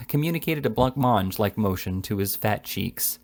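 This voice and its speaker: Man reading a novel aloud casually. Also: mid-range voice. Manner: unhurried reading with frequent small slips and restarts. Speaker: reader of a classic novel. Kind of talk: casual read-aloud narration.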